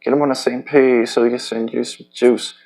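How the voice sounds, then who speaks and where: A man talking in a loose, rambling personal monologue, profane and halting, with many restarts. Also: mid-range voice, little pitch movement, a little mellow. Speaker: vlogger.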